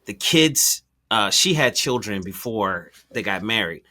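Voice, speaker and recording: A man's voice: fairly low pitch, lively intonation, a little slow, bright, forceful tone. A man hosting a talk show, telling a story in a loose, slangy way with lots of fillers and restarts. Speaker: podcast host. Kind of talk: casual conversational storytelling.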